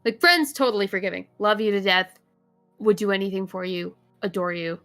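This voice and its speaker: A woman's voice: medium pitch, a little fast, a bit bright, soft background music. A young woman, a VTuber guest, chatting casually and rambling with frequent laughs. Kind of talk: casual chat.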